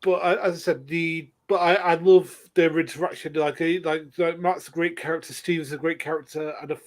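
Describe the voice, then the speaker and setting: A man co-hosting a casual chat, halting, with frequent restarts. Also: fairly high pitch, steady tone. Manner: halting, many restarts and fillers. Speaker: podcast co-host.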